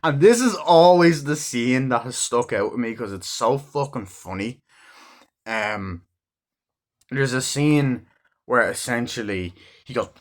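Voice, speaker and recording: A man's voice: mid-range voice, unhurried. A man casually reviewing a film, rambling through scenes with heavy swearing and lots of "like" and "um". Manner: rambling and heavily profane; loosely retells scenes with frequent "like" and "um".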